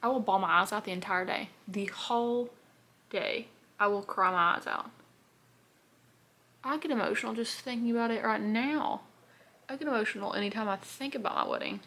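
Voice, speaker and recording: A woman's voice: mid-range voice, sing-song, fairly quick, vocal fry, pauses often, pushed and bright. A young woman, chatting in a bubbly, rambling way while doing her makeup on camera. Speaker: beauty vlogger. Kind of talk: casual get-ready-with-me chat.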